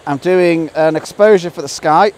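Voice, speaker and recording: A middle-aged man, a nature photographer, narrating an outdoor vlog by a waterfall in a valley, excitable and bursting into wows as he explains his photo compositions. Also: on the high side, moderate pace.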